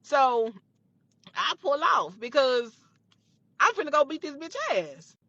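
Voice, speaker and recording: A woman's voice: high voice, lively intonation, slow pace, fairly bright tone, no echo, highs cut off. A young woman telling a story from her own life, emphatic and profane, often repeating her phrases. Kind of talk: storytime retelling.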